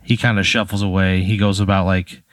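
A man's voice: low-pitched, level tone, a little fast, dry recording. A man casually telling an improvised story in a loose, conversational way. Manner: loose, conversational, lots of fillers. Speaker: podcast host posing a hypothetical.

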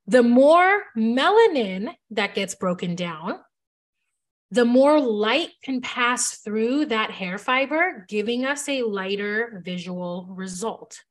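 A woman with a slightly high voice teaches hair chemistry to fellow stylists. She talks casually and emphatically, circling back to key points and tossing in "like" and "right?" as she goes. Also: lively intonation, takes it slowly. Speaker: hair color educator.

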